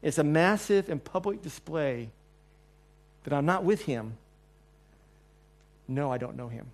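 Animated, slightly high-voiced male preacher. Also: measured pace. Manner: animated storyteller, acting out quotes, swings between loud and soft. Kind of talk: sermon.

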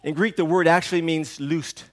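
A male pastor preaching a sermon in a church, rising to loud emphasis and then dropping to a hush, often asking the congregation rhetorical questions. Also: on the high side, fairly even intonation, moderate pace. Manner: dynamic preaching, swings between hushed and loud.

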